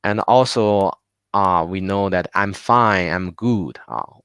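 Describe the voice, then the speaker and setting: A man with a Chinese accent teaching a live online lesson, patiently repeating words slowly for his learners. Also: low voice, a bit bright, clear, resonant tone, no room sound, clean studio sound. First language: Mandarin Chinese.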